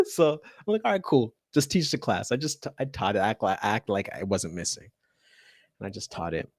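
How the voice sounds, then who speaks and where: Lively man telling a story, dry sound. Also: lowish voice, no echo. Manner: animated, laughing storyteller who slips into acting out the people in his story. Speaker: teacher telling a story on a podcast. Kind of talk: casual storytelling chat.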